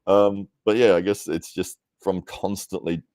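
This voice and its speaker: A man's voice: low-pitched, fairly even intonation, a little slow, darkish tone, no echo, studio quality. A young man hosting a casual livestream, chatting and reading out viewer comments with frequent laughter and self-deprecating humour. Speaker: livestream host. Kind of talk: casual live-stream chat reading comments.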